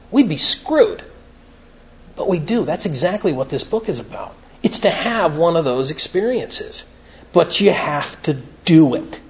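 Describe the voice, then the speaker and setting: A man speaking to an evening recovery meeting in an earnest, plain-spoken, storytelling way. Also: a little high. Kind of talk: conversational talk at a recovery meeting. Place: meeting room, evening gathering.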